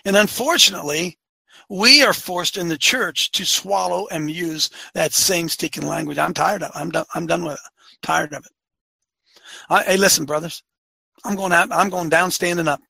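A man's voice: high-pitched, normal speed, gravelly, pushed and bright, husky, no room sound. A man delivering a fiery opinionated monologue as a show host, firing off rhetorical questions and repeating phrases for emphasis.

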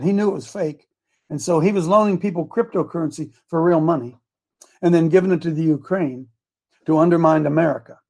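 A man hosting a political talk show, raspy and gravelly, preaching with fiery conviction and folksy slang. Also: high-pitched, a little mellow. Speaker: host.

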